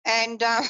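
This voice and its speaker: A woman's voice: smooth, dry recording, lo-fi sound. A woman psychic telling a personal family story on a radio show, acting out the people she quotes. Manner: lively, acts out quoted family voices in a raised pitch.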